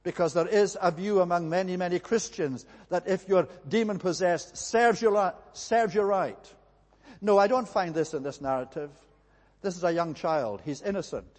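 A man preaching with earnest, emphatic repetition, his voice sitting a little high. His words ring out with a long reverb, like a church hall. He delivers a sermon to a congregation. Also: normal speed, a little mellow.

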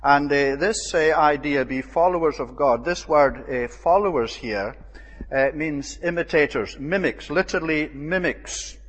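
A man preaching a measured expository Bible sermon, pausing often with "uh" as he explains a passage. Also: on the high side. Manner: measured, with frequent "uh" pauses. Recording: long reverb of a hall.

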